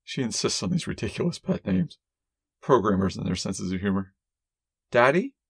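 A man reads a first-person story aloud in a measured, wry, deadpan manner. His voice sits on the low side. The recording is dry and close, with no room sound. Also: creaky, breathy edge, dry recording. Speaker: audiobook narrator. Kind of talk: first-person fiction narration.

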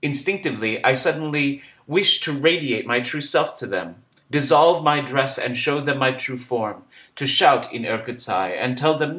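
A man narrating a first-person literary story in a measured, introspective way. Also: medium pitch, expressive, a bit bright.

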